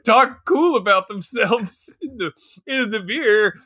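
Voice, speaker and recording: A man's voice: high-pitched, animated, moderate pace, pushed and bright. A man co-hosting a podcast in casual chat, laughing often and acting out silly voices. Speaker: podcast co-host.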